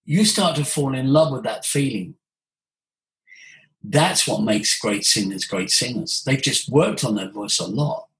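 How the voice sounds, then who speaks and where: A man, a voice coach explaining ideas in an animated conversational way. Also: medium pitch, rough recording. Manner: animated, demonstrates vocal sounds. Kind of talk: conversational teaching.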